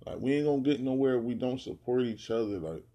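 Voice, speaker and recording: A man's voice: mid-range voice, animated, quick pace, noisy background. A man from New Jersey talking in a casual monologue, ranting bluntly with heavy slang and a lot of repetition. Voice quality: gravelly, husky.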